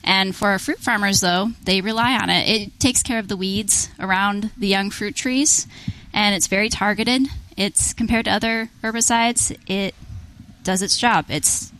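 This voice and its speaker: A woman's voice: mid-range voice, fairly even intonation, normal speed, pushed and bright, poor audio. A woman who is a policy director, answering interview questions in a conversational way, explaining at length with frequent restarts. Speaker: policy director for a farm group. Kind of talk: interview guest.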